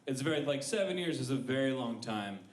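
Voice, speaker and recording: Animated man doing stand-up. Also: medium pitch, fairly quick, distant mic. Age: 30s. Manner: rambling, self-deprecating storytelling with act-out voices. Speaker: stand-up comedian. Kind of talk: stand-up comedy set. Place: comedy club stage. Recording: echoey club room with ambient noise.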